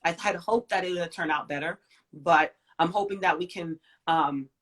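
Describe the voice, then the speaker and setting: A woman in her forties tells a story from her own life as a guest in an interview. Her telling is emphatic and expressive, and it moves from loud bursts to soft, hushed asides. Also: lowish voice, moderate pace.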